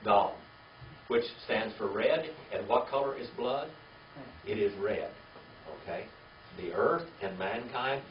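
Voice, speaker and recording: A man leads a Bible lesson for a small class, asking them questions and repeating key words with a steady "all right?" after each point. His voice sits in the middle of a man's range. It is picked up from across an echoey room, dull and lo-fi with a faint hiss underneath. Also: mid-range voice, far from the mic. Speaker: Bible teacher.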